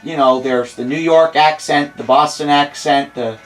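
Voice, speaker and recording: A man's voice: on the high side, steady tone, normal speed, faint music behind, low-quality recording. A young American man in his twenties chatting casually over gameplay as a let's play host, rambling and self-deprecating.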